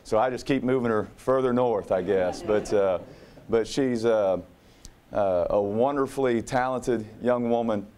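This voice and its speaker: A man in his thirties from Oklahoma with a drawl, a new basketball coach speaking humbly and haltingly at a press conference. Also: medium pitch, darkish tone. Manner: humble, halting, many "uh"s and repeats.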